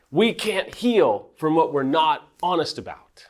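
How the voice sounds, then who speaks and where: A man's voice: on the high side, sing-song, takes it slowly. A man coaching couples in affair recovery, speaking directly to viewers in an earnest, emphatic way with self-deprecating asides. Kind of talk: direct advice talk to viewers.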